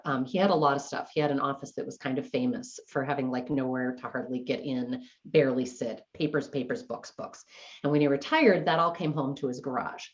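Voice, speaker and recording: Woman, middle-aged, low voice, chatty workshop teacher, muffled lo-fi sound. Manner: chatty and conversational, many fillers like "like" and "you know". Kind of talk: storytelling in a live class talk. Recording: dull lo-fi recording.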